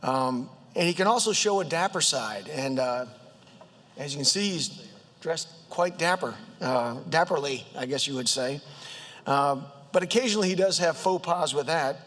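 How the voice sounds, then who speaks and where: A man with a Southern accent introducing a colleague in a humorous floor speech, halting with many fillers and jokes, his voice high and a bit squeaky. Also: lively intonation, fairly bright tone. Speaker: state legislator introducing a colleague. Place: state house chamber. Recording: long reverb of a legislative chamber.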